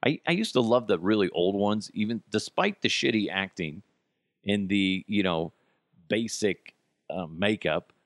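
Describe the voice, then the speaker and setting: A man hosts a comedic news podcast in a mocking, profane rant, forever wandering off on tangents. His pitch leaps around wildly as he riffs. The sound is dry and close, with no room around it. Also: animated, unhurried, no room sound. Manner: tangents and laughter-breaks. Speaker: podcast host.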